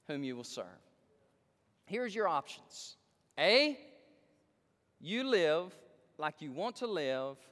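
An emphatic male pastor preaching in a large church sanctuary. His voice is high and very lively, and it swings from hushed pleading to loud excitement. A long hall reverb trails after every phrase. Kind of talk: sermon.

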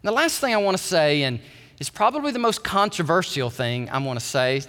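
A pastor preaches in a big church, his bright, forceful voice ringing through a long reverb. He swings from hushed, low asides up to high, loud bursts. His pitch sits a little high for a man. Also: big pitch swings, brisk. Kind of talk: sermon. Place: church sanctuary.

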